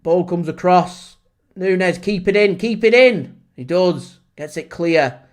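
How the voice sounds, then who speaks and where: A man calls a football match live for his fan channel's watchalong. His voice sits high for a man. He shifts quickly from steady play-by-play into shouting and laughing disbelief. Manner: excitable, shouts and laughs in disbelief at big moments.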